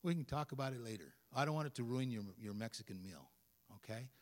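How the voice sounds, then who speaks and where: A man preaching a sermon as a pastor, talking in a conversational, animated way with asides to the congregation. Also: mid-range voice, fast. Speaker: guest pastor. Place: church sanctuary. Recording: long reverb of a church hall.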